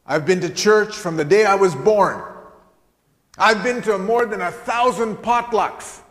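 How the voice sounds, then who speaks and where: A man's voice: high-pitched, unhurried, a bit bright, voice pushed up. A man voicing a spry, feisty old Austrian woman with a thick German accent who speaks bluntly and insistently. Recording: long hall reverb.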